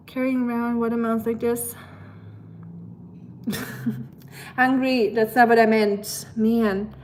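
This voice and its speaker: A woman's voice: fairly high pitch, slight background noise. Chatty German-accented woman streamer. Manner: chatty, rambling, with frequent fillers. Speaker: live streamer. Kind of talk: casual livestream chat.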